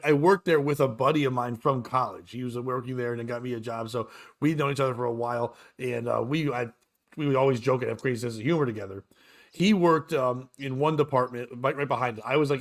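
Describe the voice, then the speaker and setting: Animated storytelling man. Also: medium pitch. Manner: animated storyteller, acts out scenes. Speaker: co-host. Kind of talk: casual morning show chat.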